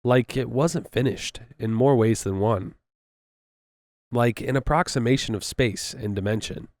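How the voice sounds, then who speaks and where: A man reading a horror story aloud in a measured way. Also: medium pitch, a little mellow, dry recording, clean studio sound. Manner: measured, with casual asides. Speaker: story narrator.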